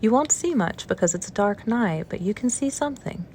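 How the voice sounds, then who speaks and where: A woman voicing a stern, brisk middle-aged housekeeper with a Yorkshire accent, giving firm matter-of-fact instructions. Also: mid-range voice, lively intonation, a little mellow, a little hiss or hum, lightly acted.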